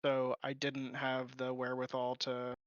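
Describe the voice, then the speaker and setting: A man's voice: medium pitch, monotone, measured pace, no echo, dull audio. A man leading a gaming guild's raids, talking earnestly in casual voice chat and taking the blame on himself. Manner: earnest, self-blaming. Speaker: guild raid leader.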